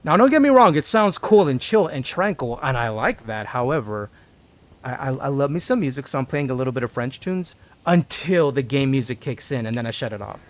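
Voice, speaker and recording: Man, game streamer, casual commentary, chatty, thinking aloud, middle pitch. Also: lively intonation, fairly quick.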